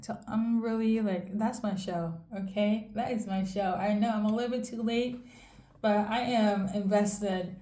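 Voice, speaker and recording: A woman giving a casual tarot reading in a rambling, fairly monotone way, often checking in with "okay?". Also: mid-range voice, unhurried, echoey room. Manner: monotone delivery. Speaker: tarot reader.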